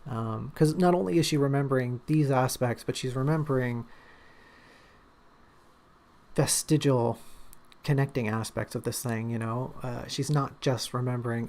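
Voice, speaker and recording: This writer discusses his draft on stream in a relaxed, think-aloud manner, often restarting and leaning on fillers. He speaks at a moderate pace in a steady, mid-range voice with a somewhat dark tone.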